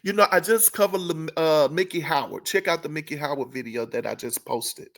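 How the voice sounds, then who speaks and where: A man hosts a casual entertainment commentary channel, talking brisk and chatty in a slightly high, somewhat bright voice. He fills his speech with fillers and self-corrections and often breaks into amused laughter.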